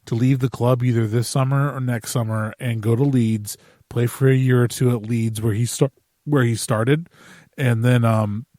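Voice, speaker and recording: A man's voice: medium pitch, mellow, no echo, studio quality. A man hosting a podcast, chatting casually and chuckling often. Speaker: podcast host.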